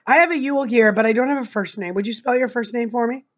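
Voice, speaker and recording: A woman's voice: fairly high pitch, quick pace, highs cut off, natural voice. A woman voicing a flustered young schoolteacher who falters and hesitates.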